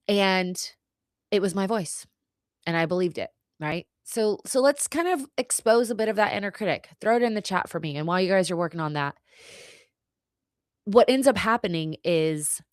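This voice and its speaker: A woman's voice: lowish voice, no room sound, clean studio sound. A woman hosting a live-stream podcast, teaching in a conversational way and often checking in with "right?" and "okay?". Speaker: podcast host and mindset coach.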